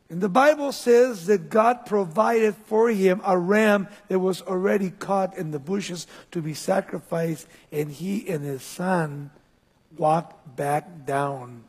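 A man preaching a sermon as pastor, swinging between loud, high calls and low, quiet passages. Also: breathy edge. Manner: preaching with wide swings of pitch and loudness. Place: church. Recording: long reverb in a church hall.

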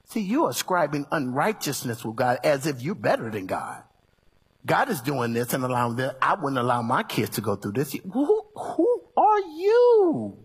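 A male preacher delivering a sermon, animated and folksy, swinging from low murmurs up to shouts. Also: normal speed, slightly rough. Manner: folksy and colloquial.

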